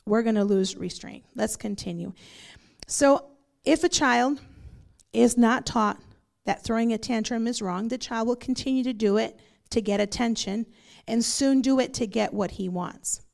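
A woman's voice: a little high, normal speed, gravelly, a little mellow. A middle-aged woman pastor teaching a Bible study in a conversational, storytelling manner.

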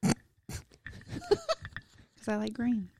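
A woman's voice: fairly high pitch, fairly even intonation, very slow, vocal fry, warm tone. A woman co-hosting a casual chat, blunt and teasing as she tells stories. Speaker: co-host. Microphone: headset.

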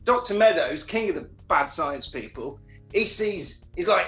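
A man casually recapping a film as a podcast co-host, animated and sweary, acting out characters' lines. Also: high voice, moderate pace, echoey room, faint music behind.

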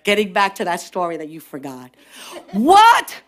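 A woman pastor preaching a sermon to her congregation, impassioned and building to shouted, repeated refrains. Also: on the low side, fast talker. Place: church service with responding congregation.

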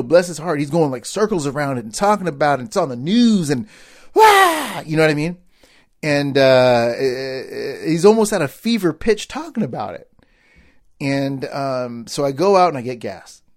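A man telling a casual story to his viewers, animated and slangy, often saying "dude" and "right?". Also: fairly high pitch.

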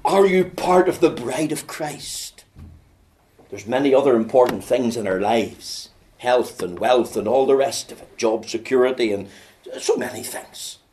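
A man preaching a sermon, swinging from hushed storytelling to loud, urgent pleading. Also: medium pitch, a little hiss or hum.

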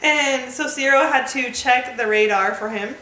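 A woman's voice: sits high, normal speed, sharp tone, echoey room, poor audio. A woman in her twenties with an American accent, co-hosting a casual podcast chat, talking loosely with lots of filler words. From United States. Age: 20s. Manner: chatty, many fillers. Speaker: podcast co-host.

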